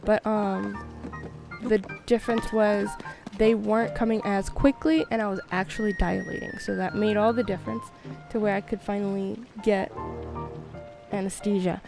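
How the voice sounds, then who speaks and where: Young woman gamer rambling on stream, lots of likes and laughs, music low in the back. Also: vocal fry. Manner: animated, chatty, many fillers, laughs often. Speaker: gaming streamer. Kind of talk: casual storytelling on stream.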